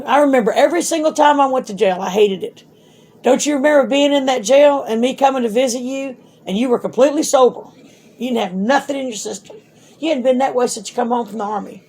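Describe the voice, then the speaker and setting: A middle-aged woman talks to her grown son, spinning long stories in a blunt, animated way. She swears freely and talks to him straight. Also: a little high. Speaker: mother talking to her son. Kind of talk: casual storytelling.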